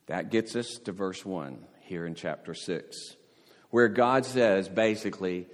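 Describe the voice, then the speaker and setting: A man preaching a sermon as pastor, telling the story with lively expression and acting out the quoted voices. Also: deep voice, unhurried, big-room sound. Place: church sanctuary.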